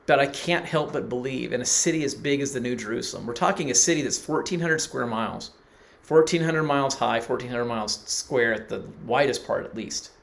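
A man's voice: mid-range voice, a little fast, creaky, few pauses. A middle-aged man preaching, telling a personal story and acting out the people he quotes. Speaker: pastor. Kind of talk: sermon.

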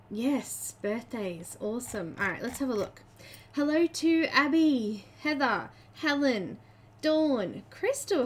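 A woman hosting a casual live chat, a little out of breath, chatty and quick to laugh as she greets viewers by name. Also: fairly high pitch, slight background noise. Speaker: live stream host.

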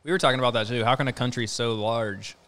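A man hosts a casual podcast chat, spinning loose stories, laughing often and swearing freely along the way. His voice is smooth and clear, sitting at an ordinary pitch. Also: very fast, fairly bright tone. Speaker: podcast host.

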